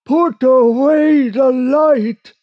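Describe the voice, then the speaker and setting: A man voicing a starving castaway hidden in a boat at night, calling out in a high, strained, pleading voice. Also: steady tone, extremely slow, full character voice. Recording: dull lo-fi recording.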